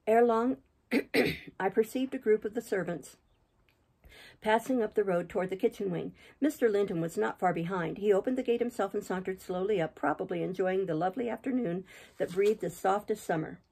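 Gravelly woman reading aloud. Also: mid-range voice, low-quality recording. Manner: steady, measured narration. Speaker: reader, channel host. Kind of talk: audiobook reading.

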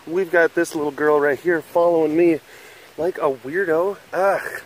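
A man hosting a webcast from an animal compound, talking in a rambling, animated way and cooing at the animals, recorded outdoors on a windy day with a handheld camera. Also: fairly high pitch, unhurried. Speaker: host of an animal facility webcast. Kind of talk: casual vlog chat.

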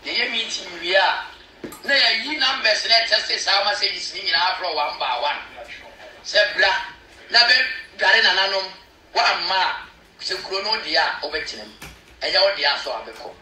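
A Ghanaian man with a high, very bright voice explains local custom with lively asides. His voice rings in a roomy, echoey space. A faint noise sits behind him. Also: normal speed, far from the mic. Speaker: chief's spokesman. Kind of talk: explaining to a local news camera.

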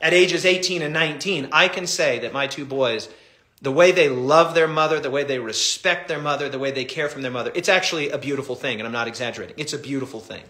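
A middle-aged man, a pastor, teaching a Bible study in an animated, impassioned way. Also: medium pitch, quick pace, echoey room.

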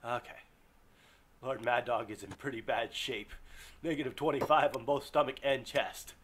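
A man commentating his own gameplay, excitable, yelping and groaning as things go wrong. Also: medium pitch, moderate pace, a little hiss or hum. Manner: excitable, yelps and groans at setbacks. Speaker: let's play gamer. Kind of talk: live game commentary.

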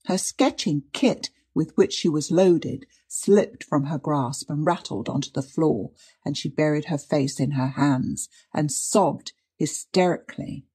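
A woman reading a period mystery story aloud in a measured, dramatic narration. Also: deep voice, dark tone, breathy edge. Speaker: audiobook reader. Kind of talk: scripted narration.

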